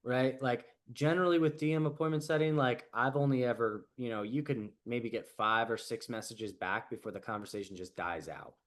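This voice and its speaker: A man's voice: medium pitch, a little fast, hardly any pauses. Casual male coach who says "like" a lot. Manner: casual, lots of "like" and "right?", animated quoted asides. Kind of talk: casual group coaching call.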